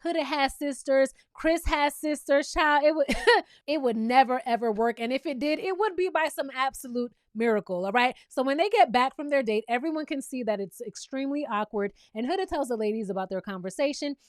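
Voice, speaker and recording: A woman with a high-pitched voice gives a casual, opinionated recap of a reality show. She is sassy and blunt and teases the cast freely. The recording is dry and close, with no room sound. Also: brisk, no echo.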